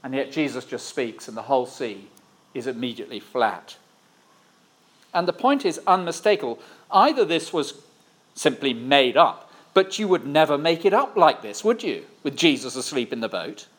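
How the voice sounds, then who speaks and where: A man from Cornwall, preaching a sermon with wry humor and dramatic pauses. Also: mid-range voice, sing-song, a bit bright. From Cornwall, England.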